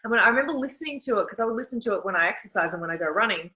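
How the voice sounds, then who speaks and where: A woman's voice: mid-range voice, animated, racing, sharp tone, rough recording. A woman, a singer, chatting in an interview, gushing and rambling with lots of restarts. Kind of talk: casual interview chat.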